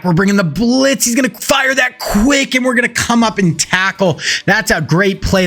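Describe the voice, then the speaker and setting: A young man giving excitable, casual play-by-play commentary over his own video game, getting louder on the big plays. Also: on the high side. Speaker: gaming YouTuber.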